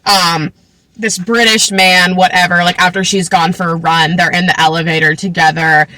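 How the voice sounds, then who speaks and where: A woman in her twenties casually recapping a book, talking fast with lots of fillers and sarcastic asides. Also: lowish voice, flat delivery, bright, forceful tone, dry recording. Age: 20s. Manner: chatty, filler-heavy, sarcastic asides, laughs often. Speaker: book vlogger.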